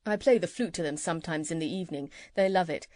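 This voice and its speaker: Kindly male country doctor voiced by a woman, gentle, chatty, lowered voice, dry sound. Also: fast talker, no room sound, natural voice. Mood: fond, chatty.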